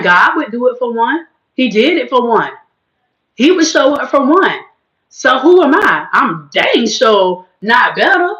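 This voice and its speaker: A woman hosting a casual livestream, chatting to her viewers in an animated, churchy manner while her voice is just recovering. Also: a little high, roomy sound, poor audio. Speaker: host.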